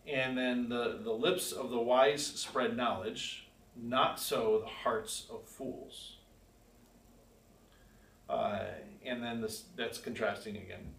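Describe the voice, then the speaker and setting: A medium-pitched man teaches a church Bible class in a casual, chatty style, asking questions and reading verses aloud with emphasis. The room echoes, he's far from the mic, and a faint hiss runs underneath.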